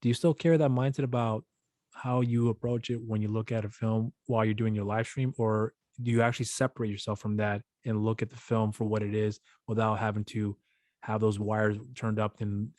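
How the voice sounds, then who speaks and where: Give me a lower-voiced man hosting an interview, rambling through long questions, recorded dry and close. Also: level tone, a little fast, a little mellow, no room sound. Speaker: podcast host. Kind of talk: casual interview chat.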